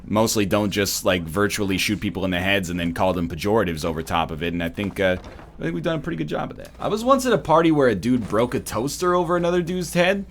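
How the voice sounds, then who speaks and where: A man's voice: on the low side, expressive, fast talker, a little hiss or hum. A man in his thirties, a streamer who chats casually and rambles in a joking, opinionated way while playing a game. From Canada. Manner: rambling, joking and opinionated, riffing on chat comments. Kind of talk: casual chat while gaming.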